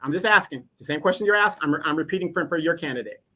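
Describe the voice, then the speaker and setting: Pointed man with a bright voice. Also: a little high, expressive, rapid-fire. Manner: pointed, rhetorical questions. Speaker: livestream co-host. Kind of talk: casual political commentary.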